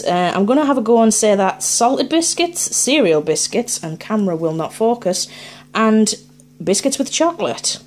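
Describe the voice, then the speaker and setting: A woman's voice: medium pitch, darkish tone, a little hiss or hum. A woman, chatting casually as she unboxes items on her vlog and thinks aloud in a playful way. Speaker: unboxing vlogger.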